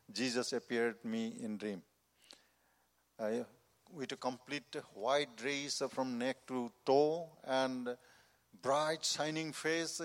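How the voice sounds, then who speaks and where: A man, a missionary preacher, giving his personal testimony in earnest, halting, non-native phrasing. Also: medium pitch. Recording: long reverb of a large hall.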